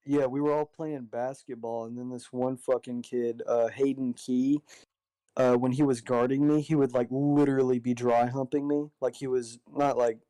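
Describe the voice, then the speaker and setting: A young man chatting casually and telling stories about his school days, swearing freely. His voice is mellow and dark. The sound is dry, with no room echo. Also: mid-range voice, fairly even intonation, normal speed. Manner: laid-back storyteller, swears a lot. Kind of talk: casual chat.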